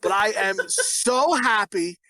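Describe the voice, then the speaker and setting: A man's voice: high-pitched, animated, slow pace, pushed and bright, no room sound. A middle-aged man in casual podcast chat, swearing freely, laughing often and acting out quotes. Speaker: podcast co-host.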